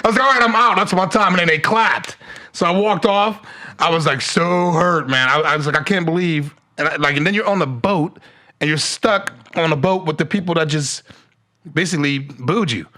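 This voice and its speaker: A man appearing as a comedian guest on a podcast, chatting casually and stammering when he gets excited. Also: on the high side, moderate pace. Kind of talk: casual chat.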